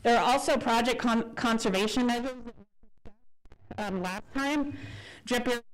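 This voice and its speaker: A woman's voice: on the high side, rough recording. A woman consultant hurrying through a technical groundwater presentation at a public meeting. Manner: hurried, pushing through slides.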